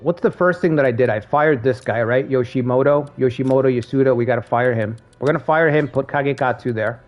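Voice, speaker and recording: A man streaming a strategy game, telling stories in a casual, animated way and swearing freely. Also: medium pitch, brisk, hardly any pauses. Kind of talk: casual gaming stream chat. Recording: dull lo-fi stream audio with faint game music.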